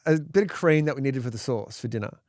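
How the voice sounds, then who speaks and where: A man's voice: medium pitch, fast talker, no room sound, clean studio sound. A man co-hosting a podcast, chatting casually and acting out other people's lines as he tells stories. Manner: animated storytelling, acting out quotes. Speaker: podcast co-host. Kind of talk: casual chat.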